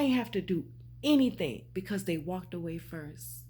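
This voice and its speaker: A woman's voice: on the low side, lively intonation, normal speed, mellow, husky. A woman talking straight to her viewers, emphatic and preachy, repeating her points and calling them babe and honey. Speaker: spiritual vlogger. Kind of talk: direct-to-camera talk.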